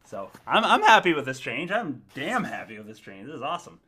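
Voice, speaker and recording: A man's voice: medium pitch, sing-song, a little fast, a crowd in the background. A man co-hosting a casual live stream, joking and hesitant. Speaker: co-host.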